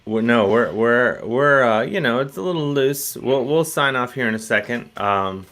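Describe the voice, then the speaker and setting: A man's voice: medium pitch, expressive, moderate pace, a bit bright. A man hosting a casual talk show, rambling and self-deprecating, often restarting his sentences. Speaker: host.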